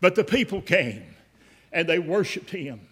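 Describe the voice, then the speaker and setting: A man's voice: high-pitched, sing-song, a little slow, a bit bright, husky. A man preaching an emphatic revival sermon, telling stories and repeating words as he builds.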